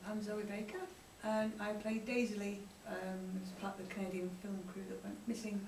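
A woman's voice: mid-range voice, flat delivery, moderate pace, darkish tone, slight background noise. A woman actress talking about her role at a Q&A, joking and laughing. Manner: giggly, joking asides. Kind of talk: casual Q&A talk. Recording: echoey room from far off.

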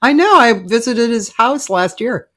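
A woman hosts a relaxed interview over a video call. She chats freely and asks curious questions. She laughs often along the way. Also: a little high, measured pace. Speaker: host. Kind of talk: casual chat.

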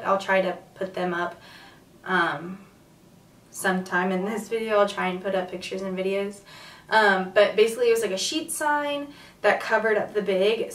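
A young woman vlogging, chatting excitedly to camera with lots of fillers. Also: medium pitch, recorded from a distance. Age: young adult. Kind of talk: casual chat to camera. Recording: echoey room, voice a little off-mic.

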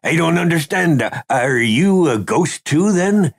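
Sneaky ghost thief voiced by a man, high-pitched, hushed and scornful, storybook voice. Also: lively intonation, slow pace, full character voice. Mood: curious. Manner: sharp, impatient, hushed.

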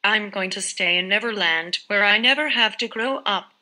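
A woman's voice: mid-range voice, moderate pace, sharp tone. A woman reading as a bold young boy hero. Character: boy Peter Pan, bold and playful.

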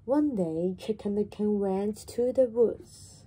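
A woman reading a children's story aloud in a slow, animated, sing-song way. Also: mid-range voice, husky.

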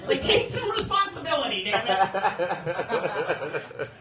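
A young woman doing a stand-up comedy set in a club, chatty and quick to laugh, often restarting her sentences. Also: medium pitch, wildly swooping pitch, over a noisy crowd. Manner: chatty, self-interrupting, laughing between jokes. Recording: roomy, distant phone stream with background noise.

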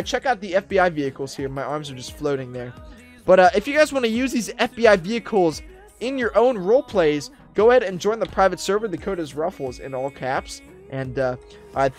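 Excitable male gamer, high voice, rambling roleplay commentary, faint music behind. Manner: excitable, barking commands, rambling with fillers. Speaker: roleplay YouTuber.

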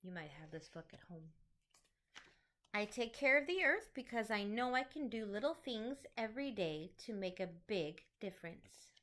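A woman teacher reading picture books aloud to children in an animated, sing-song storytelling manner. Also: mid-range voice, normal speed, a little hiss or hum.

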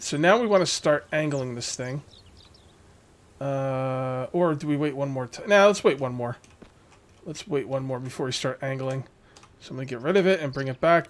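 A man with a slightly high voice runs casual let's play commentary from a home setup, talking through each move on a desk mic. He rambles to himself, laughs at the game and mock-scolds the characters in his way. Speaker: gaming channel host.

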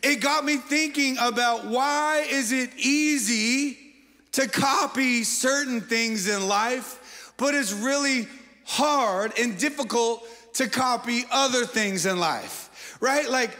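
A man's voice: very high-pitched, slow, bright, forceful tone. A male pastor giving a sermon, joking and quizzing his congregation in a playful way. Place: large church auditorium. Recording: long church-hall reverb.

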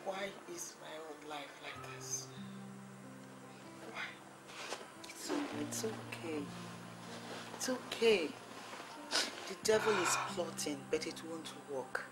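An actress playing a heartbroken young woman with a Nigerian accent, lamenting quietly. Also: low voice, takes it slowly, long pauses, over loud music, poor audio. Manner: tearful, lamenting.

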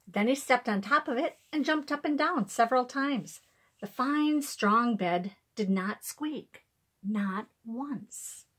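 Expressive woman storyteller reading aloud to children; husky, animated delivery. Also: fairly high pitch, slow pace.

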